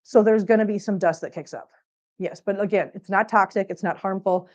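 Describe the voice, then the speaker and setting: A woman's voice: mid-range voice, fairly quick. A woman chatting casually on a cat-care livestream, rambling and answering viewers while she cleans, a little out of breath. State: a bit out of breath. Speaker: cat channel vlogger.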